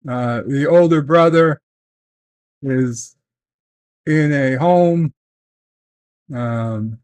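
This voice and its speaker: Slow, halting man telling a story. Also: mid-range voice, a little mellow, clear, resonant tone. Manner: slow, halting, many fillers and restarts. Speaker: vlogger. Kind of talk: casual storytelling. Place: at home, in bed.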